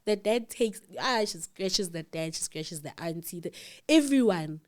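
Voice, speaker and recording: Animated South African woman telling a story. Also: lowish voice, measured pace. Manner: animated, acts out voices of others in the story. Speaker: storyteller host. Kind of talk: casual storytelling chat.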